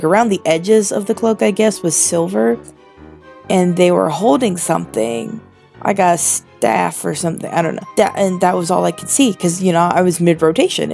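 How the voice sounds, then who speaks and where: A young woman casually recounting a spooky personal story as a vlogger, animated and full of quick asides. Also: on the low side, vocal fry. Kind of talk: casual ghost story narration over drawing.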